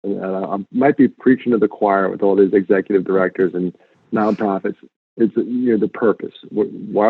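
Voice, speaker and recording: A man speaking as a guest in an interview, earnest and emphatic, telling stories with lively repetition. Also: fairly low pitch, normal speed, breathy edge, dry recording. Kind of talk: conversational interview. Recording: tinny phone-line sound.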